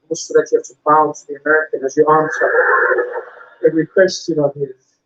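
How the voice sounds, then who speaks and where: A male stand-up comedian performing a routine on stage, acting out voices of shouting officers. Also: a little high, quick pace, lo-fi sound. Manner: animated, with loud acted-out officer voices.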